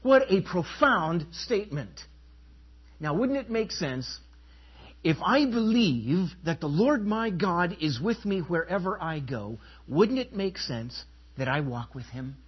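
A pastor delivering an emphatic sermon, asking the congregation rhetorical questions and inviting them to respond. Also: male voice, high voice, big pitch swings, takes it slowly, husky, lo-fi sound.

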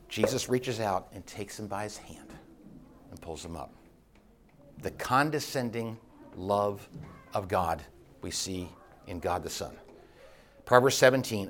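A man teaching a Bible class in a conversational way, stopping to restart his phrases, then rising with passion and falling quiet again. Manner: passionate, builds up then drops low. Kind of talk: teaching sermon.

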